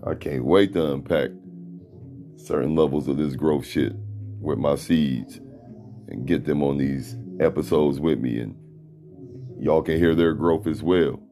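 Very deep gravelly man, blunt and profane. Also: measured pace, pauses often, warm tone, faint music behind. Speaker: podcast host. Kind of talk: motivational monologue. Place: room at home.

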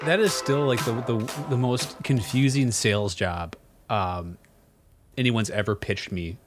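A man's voice: mid-range voice, measured pace, faint music behind. A man in his twenties hosting a podcast, wry and rambling as he talks. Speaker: podcast host. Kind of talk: casual podcast chat.

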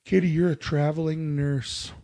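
Joking podcast host, a man with a slightly high voice. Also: fairly even intonation, normal speed, creaky, dark tone, no room sound. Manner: joking, teasing, swears freely. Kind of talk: casual profane banter.

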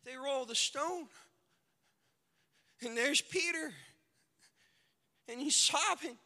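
A man's voice: very high voice, takes it slowly, sharp tone. A male pastor preaching a sermon, telling the story in an impassioned, colloquial way. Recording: long reverb of a large hall.

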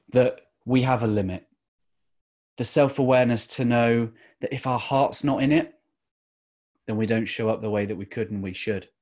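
A middle-aged man giving an earnest motivational talk as a podcast host, slowing down to stress key phrases. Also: fairly low pitch, darkish tone.

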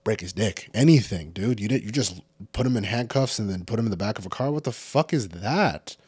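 A man from California delivering a profane, heated rant that keeps building toward shouting. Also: lowish voice, fast, breathy edge, no echo. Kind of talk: angry unscripted rant.

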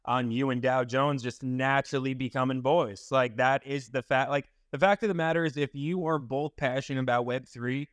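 A man from Florida, a guest in a casual audio chat, easygoing and quick to agree. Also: medium pitch, steady tone, no echo, clean studio sound.

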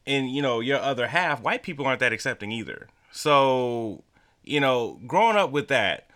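Bright, animated man host. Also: mid-range voice. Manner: rambling, searching for the question. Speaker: podcast host. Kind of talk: casual interview chat.

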